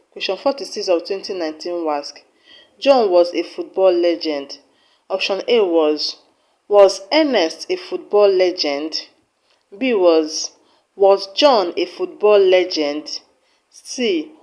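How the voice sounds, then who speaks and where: A woman with a Nigerian accent teaching an exam-prep English lesson, slow and deliberate, often repeating her key points. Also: medium pitch, darkish tone, poor audio.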